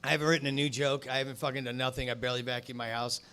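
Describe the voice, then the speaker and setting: A man's voice: mid-range voice, level tone, very fast, pushed and bright, clear, resonant tone. A man emceeing a comedy show from the stage, with loose, profane banter between acts.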